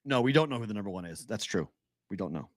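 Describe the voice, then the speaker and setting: A low-pitched man talking sports in a casual, animated way, often laughing through his stories. The sound is dry and close, with no room around it. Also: quick pace, dry recording. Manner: chatty, laughing, animated retellings. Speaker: sports betting podcast co-host.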